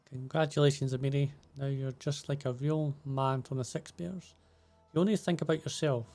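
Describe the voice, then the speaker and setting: A man's voice: fairly high pitch, gravelly. A man reading as a bitter tribeswoman. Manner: reading game subtitles aloud, flat. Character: resentful tribeswoman, reproachful and bitter.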